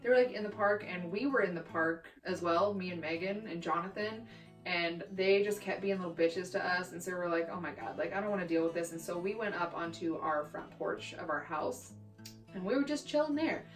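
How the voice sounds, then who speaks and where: A young woman from Texas telling childhood stories in a brash, profane, animated way for her vlog. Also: fairly low pitch, moderate pace. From Texas, USA. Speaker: vlogger. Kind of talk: storytime vlog. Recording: roomy echo, distant mic, faint guitar music.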